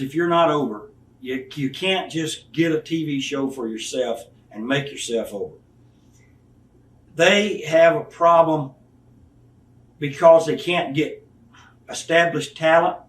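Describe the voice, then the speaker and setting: Unhurried and pausing often, a slightly high-voiced man in his fifties talks about his wrestling days in a frank interview. He's blunt and profane and acts out whoever he's quoting. The audio has room echo, a far-off mic, and a faint hiss.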